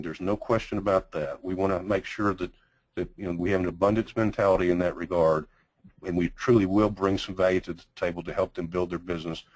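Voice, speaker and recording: Slow-talking Texan man, very low voice. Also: rough recording. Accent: Texas. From Texas. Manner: slow, with deliberate pauses and emphasis. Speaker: mortgage sales trainer. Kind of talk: sales training class.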